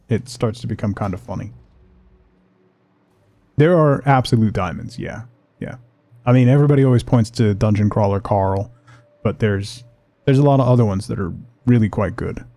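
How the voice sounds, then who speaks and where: A man chatting casually with his viewers while playing a game on a livestream, relaxed and rambling. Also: medium pitch, no echo. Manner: relaxed, rambling, talks to chat. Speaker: streamer.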